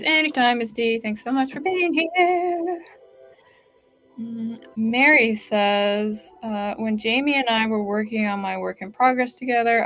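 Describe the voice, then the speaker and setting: A woman hosting a live writing-sprint stream, chatting casually and reading viewer comments aloud, with lots of "like" fillers. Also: on the high side.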